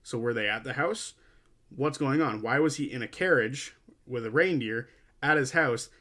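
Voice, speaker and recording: A man's voice: medium pitch, normal speed, a bit bright. A young man giving casual fan theory commentary, arguing his case and repeating points for emphasis.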